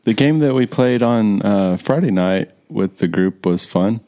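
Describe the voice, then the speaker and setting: A man hosting a marriage podcast in a relaxed, joking way. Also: on the low side, unhurried. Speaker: podcast host. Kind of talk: casual chat.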